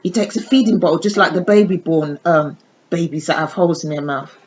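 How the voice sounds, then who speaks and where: A woman's voice: fairly low pitch, a little fast. A woman chatting casually while unboxing a baby doll, often cooing to her dolls in sing-song baby talk. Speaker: doll collector vlogger. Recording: dull lo-fi audio with clear background noise.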